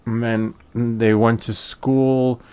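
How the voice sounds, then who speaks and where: A man's voice: medium pitch, little pitch movement, slow, mellow, clear, resonant tone. A middle-aged man hosting a hobby painting channel, telling a rambling, candid story in a casual way with the odd curse word. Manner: rambling, candid, occasional swearing.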